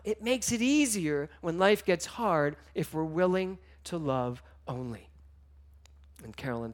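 A man giving a sermon, telling stories with emotion, moving between hushed and loud passages. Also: a little high. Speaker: minister.

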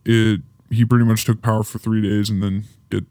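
Man, podcast host, fairly low voice, dry close sound, casual read-through of a timeline, joking asides. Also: flat delivery, fairly quick, dark tone, no echo. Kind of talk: casual podcast history rundown.

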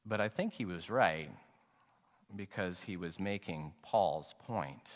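Reflective middle-aged pastor, low voice. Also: male voice. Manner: earnest and reflective, anecdotal, slows down for emphasis. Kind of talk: sermon. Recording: long reverb, sanctuary acoustics.

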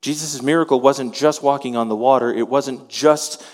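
A man preaching a sermon, animated, acting out the voices of the people in his story. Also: medium pitch, moderate pace, in a large hall. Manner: animated, acts out voices in quotes. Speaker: pastor.

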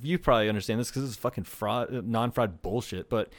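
Dude on a podcast rambling thru a story, swears a lot, super dry close mic. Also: male voice, mid-range voice, fast, no room sound. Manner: rambling, profane, animated retelling. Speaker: podcast co-host. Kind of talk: casual storytelling chat.

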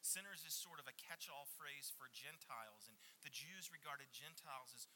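A man preaching a sermon as a pastor, dropping into hushed, near-whispered phrases and then rising again for emphasis. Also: medium pitch, moderate pace, slight background noise, poor audio.

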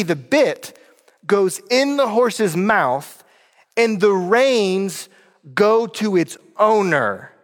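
A man's voice: high-pitched, fairly bright tone. A male pastor from North Carolina preaching a sermon in a conversational way, often checking in with his listeners. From North Carolina, USA. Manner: conversational, addresses listeners directly with frequent check-in questions. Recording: long hall reverb.

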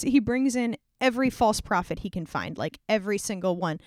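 A woman's voice: mid-range voice, fairly quick, no echo, studio quality. A woman casually retelling an old scripture story in a slangy, irreverent way, peppered with "like". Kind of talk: casual comedic Bible retelling.

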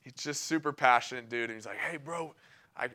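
A man's voice: medium pitch, fast, pushed and bright, clear, resonant tone. A young man giving a sermon in a casual, enthusiastic way, telling a personal story and often laughing between phrases. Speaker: preacher.

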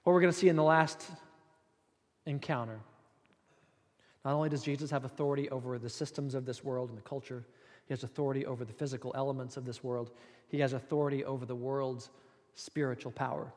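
A male pastor preaching a sermon, telling the story in an animated way with playful asides and jokes. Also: mid-range voice, fast talker. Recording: long hall reverb.

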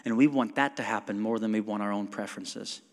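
A man's voice: fairly low pitch, fairly quick. A male pastor giving a casual, story-driven sermon, quoting people and asking the congregation questions. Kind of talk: conversational sermon. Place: church sanctuary. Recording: long church hall reverb.

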